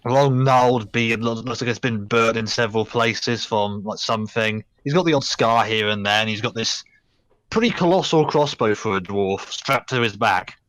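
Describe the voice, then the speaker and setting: A young man narrating as game master in a tabletop game, talking haltingly with many fillers. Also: on the low side, fairly bright tone, no echo.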